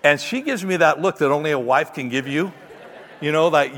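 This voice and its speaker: A middle-aged man, a pastor, telling a lively personal story in a sermon and acting out the voices. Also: on the high side, moderate pace, in a large hall, some chatter behind. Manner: animated storyteller, acts out voices, ends in quiet prayer.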